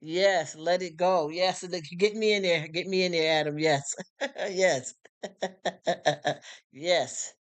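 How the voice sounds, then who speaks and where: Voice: medium pitch, unhurried, smooth. Middle-aged livestream host: frank, emphatic, talks straight to viewers and repeats key points. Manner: emphatic, frank and repetitive, with rhetorical questions. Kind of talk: casual livestream chat answering viewers. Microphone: streaming setup.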